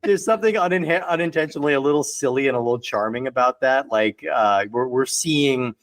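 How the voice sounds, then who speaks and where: A man's voice: medium pitch, brisk, dry recording. A man chatting casually about a film on a podcast, rambling along with lots of fillers. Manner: rambling, heavy on fillers like "like" and "you know". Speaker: podcast panelist.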